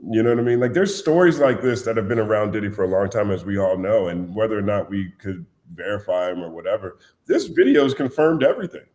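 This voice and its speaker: A man's voice: on the low side, fast, few pauses. A man talking bluntly and animatedly as a podcast guest in casual chat. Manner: animated, blunt storyteller, puts on voices when quoting.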